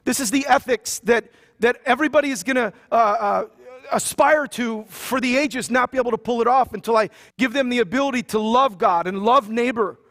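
A man's voice: very high-pitched, a little fast, fairly bright tone. A pastor preaching a sermon. He reads scripture aloud and retells it in casual, joking everyday talk. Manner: casual and joking, with slang asides.

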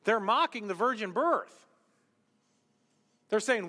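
A man preaching a sermon as pastor, swinging between loud emphasis and hushed asides. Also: sits high, very animated, a little slow. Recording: long hall reverb.

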